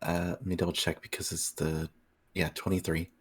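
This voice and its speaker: Male player, low voice, casual offhand table talk. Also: little pitch movement, moderate pace, husky. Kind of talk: casual chat.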